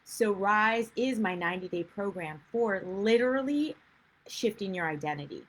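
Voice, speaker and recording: A woman's voice: medium pitch, lively intonation, normal speed, poor audio. A woman life coach giving a chatty, rambling livestream talk and greeting viewers as she goes. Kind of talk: live-streamed coaching talk.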